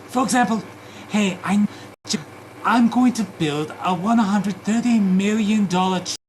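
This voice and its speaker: A man ranting and swearing through a solo stream, loud in bursts and mumbling in between. He talks slowly and drags out his words. A faint noise hums behind him. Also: sits high. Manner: loud swearing rants, mutters to himself. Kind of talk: profane ranting stream chat.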